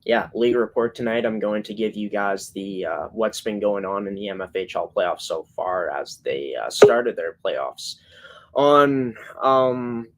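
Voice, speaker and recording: A man's voice: lowish voice, unhurried, slight background noise. A man hosting a casual live-streamed sports show, talking in long, rambling runs with many filler words and frequent self-corrections. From Canada.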